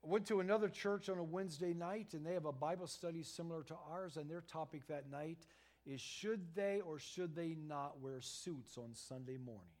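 A middle-aged man preaching a sermon as pastor, earnest and emphatic, swelling louder at key points and stumbling into quick restarts. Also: on the high side.

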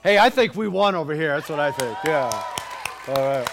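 A man's voice: on the high side, lively intonation, normal speed, a crowd in the background, background noise. A male pastor preaching a sermon in a folksy, encouraging way, joking with the congregation and leading them in song.

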